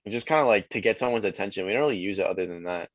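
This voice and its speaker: A laid-back teenage guy from Quebec talks in a casual interview. His voice sits low, and the close recording is very dry. He keeps leaning on "like" and "man" as fillers. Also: rapid-fire, no echo. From Quebec, Canada. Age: teens. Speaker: guest rapper. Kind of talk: casual chat.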